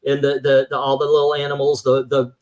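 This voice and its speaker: A man's voice: medium pitch, completely flat delivery, fast, darkish tone. A man talking in a casual livestream chat, ranting animatedly and acting out voices as he tells a story. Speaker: livestream co-host.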